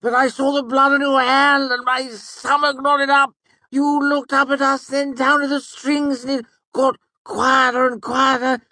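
A man voicing an excitable, short older nobleman who talks animatedly. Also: very high voice, unhurried, no room sound, voice pushed up, full character voice. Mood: excited. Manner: giddy, animated, gesturing wildly.

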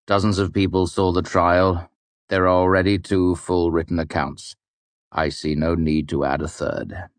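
A man reading the part of a wry innkeeper storyteller, with calm, amused, dismissive delivery. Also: low voice, unhurried, dry recording.

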